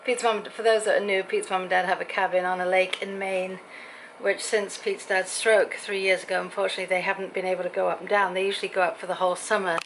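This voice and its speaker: A woman's voice: medium pitch, level tone, quick pace, fairly bright tone, slight background noise, rough recording. Chatty woman rambling on. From Britain. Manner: chatty, rambling storyteller acting out quoted voices. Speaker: vlogger. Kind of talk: casual chatty vlog. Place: home.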